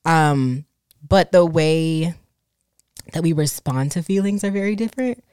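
Low-voiced young woman in casual chat. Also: unhurried, warm tone, smooth, dry recording, clean studio sound. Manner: candid, rambling, many fillers and restarts.

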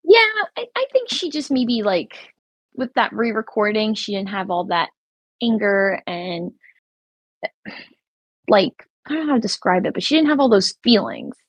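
A woman co-hosting a podcast, gushing and rambling with lots of "like"s. Her pitch moves up and down a great deal. She sounds close and dry, with no echo. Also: sing-song, moderate pace, breathy edge, dull audio. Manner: enthusiastic, rambling with many "like"s. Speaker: podcast co-host. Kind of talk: casual chat.

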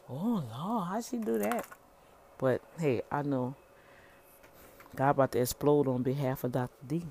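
A woman's voice: extremely low pitch, darkish tone. A middle-aged woman, an entrepreneur, giving a casual motivational rant in a preachy way, calling her listeners y'all and often repeating words.

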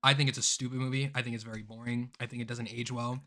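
A man co-hosting a casual podcast with a bright, forward voice. He talks in an animated, theatrical way and slides easily into exaggerated rants. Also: mid-range voice, quick pace. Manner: animated, dramatic outbursts, ranting. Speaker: podcast co-host.

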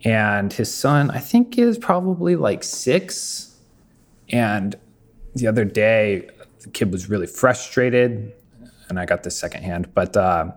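A man hosting a casual interview, relaxed and rambling as he tells a story and asks a question. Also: on the low side, takes it slowly. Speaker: podcast host.

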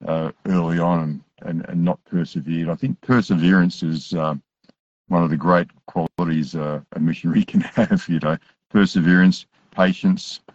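A man with a very low voice hosts an interview, thinking aloud and pausing on "uh" and "you know." His recording is muffled and dull, and it is dry, with no room echo. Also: fairly even intonation. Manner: hesitant, many "you know" and "uh" fillers. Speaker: interview host. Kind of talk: interview commentary.

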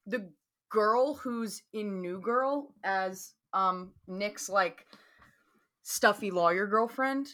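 Southern woman co-host, chatty and rambling, mid-pitched, easy laugh. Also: takes it slowly, a bit bright. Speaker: podcast co-host. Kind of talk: casual chat.

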